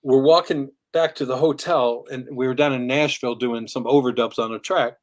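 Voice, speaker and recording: An older man, a guest on a podcast, telling animated stories with laughs and acted-out quotes in a casual chat. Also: mid-range voice, brisk. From United States. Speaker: podcast guest, music industry veteran.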